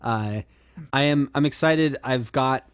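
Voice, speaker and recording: A man's voice: mid-range voice, slow pace, clean tone, no room sound, studio quality. A man co-hosting a podcast in casual chat, rambling with fillers and restarts. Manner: rambling, frequent fillers and restarts, laughs often. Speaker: podcast co-host.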